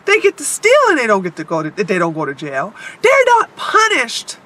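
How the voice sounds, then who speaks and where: A woman's voice: mid-range voice, wildly swooping pitch, moderate pace, bright, forceful tone. A woman from the United States, delivering a blunt, profane vlog monologue. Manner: blunt, heavily profane, emphatic. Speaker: vlogger.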